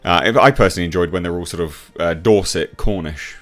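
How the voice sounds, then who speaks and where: A man's voice: deep voice, fast talker, a bit bright, soft background music. A man delivering a mocking, opinionated commentary vlog with frequent filler sounds. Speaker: YouTube commentator.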